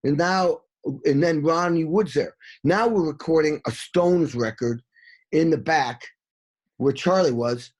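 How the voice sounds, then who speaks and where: A middle-aged man, a session drummer, telling animated stories in an interview, swearing freely and scatting drum beats. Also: fairly high pitch, measured pace, husky.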